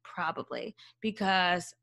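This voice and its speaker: A woman's voice: lowish voice, expressive, slow pace, creaky, bright, forceful tone. A woman podcast host and psychologist talking candidly in casual conversation, swearing freely, with many fillers.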